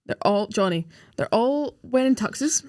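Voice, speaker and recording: A woman's voice: fairly high pitch, expressive, measured pace, a little mellow, no room sound, studio quality. A woman co-hosting a podcast, chatting about a film with wry asides. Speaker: podcast co-host. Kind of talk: casual chat.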